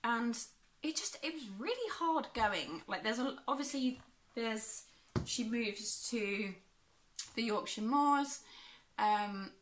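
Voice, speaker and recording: A woman's voice: on the high side, expressive, slow pace, background noise. A young woman from England chatting casually about books she has read, with frequent ums and a self-deprecating manner. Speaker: book vlogger. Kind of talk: casual book review chat.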